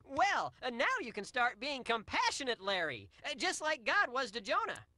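A sensible cartoon tomato who speaks patiently and pauses on "uh"s. His bright, high voice moves with lively pitch, and the recording is close and dry. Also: dry recording, exaggerated voice. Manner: patient, hesitant, lots of "uh". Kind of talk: cartoon voice acting.

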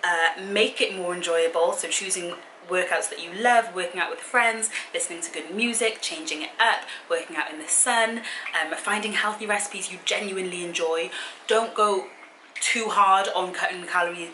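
Chatty woman, bright voice. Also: on the low side, normal speed, roomy sound, a little hiss or hum, low-quality recording. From Britain. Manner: chatty, easily sidetracked, laughs often. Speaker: fitness vlogger. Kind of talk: casual Q and A chat to camera. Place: hotel room.

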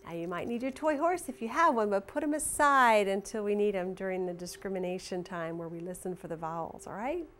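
A woman teacher reading a story and giving a phonics and handwriting lesson to young children, speaking slowly, clearly and expressively. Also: mid-range voice, a bit bright, a little hiss or hum.

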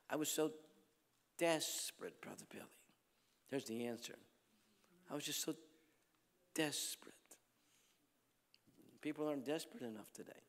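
A man preaching at a healing crusade, telling stories and swinging between loud calls to the crowd and hushed lines. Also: mid-range voice. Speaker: evangelist preacher. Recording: long hall reverb.

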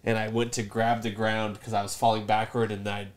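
A young man co-hosting a podcast, telling stories in casual chat, acting out quotes loudly and laughing often. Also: fairly low pitch, little pitch movement, fairly quick. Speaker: podcast co-host.

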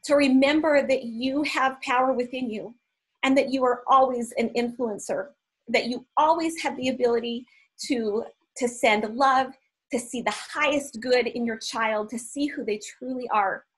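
A woman speaks earnestly over a video call, her voice a little high and breathy. She sounds teary and emotional as she talks with heartfelt warmth. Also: normal speed, low-quality recording. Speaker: panelist giving prayer. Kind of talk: prayer and panel talk on video call.

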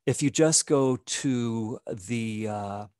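A man teaching a live digital painting demo, explaining his steps in a relaxed way as he works. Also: mid-range voice, very slow, no echo, studio quality. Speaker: art instructor.

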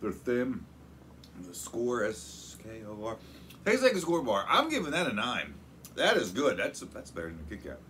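A man's voice: mid-range voice, huge pitch swings, moderate pace, sharp tone, slight background noise. A man hosting a casual snack review, talking in a jokey, upbeat way. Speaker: channel host.

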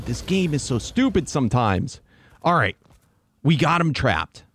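A man's voice: medium pitch, sing-song, a little slow, a bit bright, slight background noise. A man giving live gameplay commentary, swinging between frantic yelps and muttered groans. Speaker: gameplay streamer.

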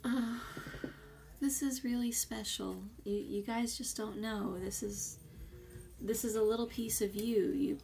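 A woman unboxing gifts in an unhurried, drawn-out way. Her voice carries a gravelly vocal fry, and she gushes effusively, pausing often on little fillers. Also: on the high side, fairly even intonation, mellow, faint music behind. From United States. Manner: gushing and effusive, with hesitant fillers. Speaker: vlogger. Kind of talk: casual unboxing chat.

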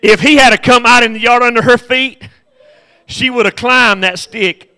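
A man's voice: very high-pitched, normal speed, pushed and bright, clean tone. A male pastor preaching a sermon with impassioned repetition and humorous storytelling.

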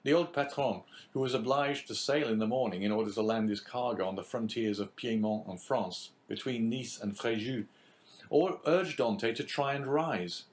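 A man narrating a classic novel as an audiobook in a measured, even reading. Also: medium pitch.

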